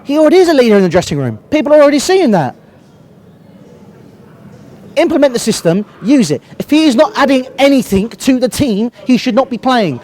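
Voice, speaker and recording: Fighting a cold that cracks his voice, a young British football fan reviewer rants heatedly to camera, bluntly, passionately, and with frequent swearing. His voice is very high-pitched with big pitch swings, fairly quick, and darkish in tone.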